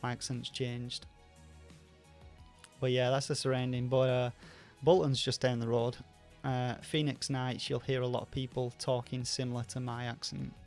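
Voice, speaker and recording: A man with a softened Rochdale accent hosts a casual livestream, answering viewers in a loose, rambling way full of ums and restarts. His pitch sits in an ordinary middle range but barely moves, giving a flat, even delivery. Faint music plays quietly underneath. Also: normal speed. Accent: Rochdale, Greater Manchester, softened. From Northern England. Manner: rambling, many fillers and restarts. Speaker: channel host answering viewer questions.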